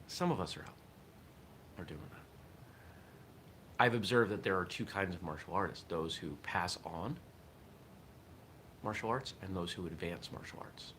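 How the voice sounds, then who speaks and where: Speaking at normal speed but pausing often, the host of a martial arts morning show has a deep, somewhat bright voice. His casual morning livestream talk is reflective and thought aloud, and there's slight background noise.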